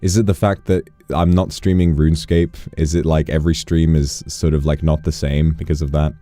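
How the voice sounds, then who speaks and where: A streamer with a very deep voice chats casually on a livestream, playful and teasing as he spins animated stories. He talks a little fast, with no echo and soft music in the background.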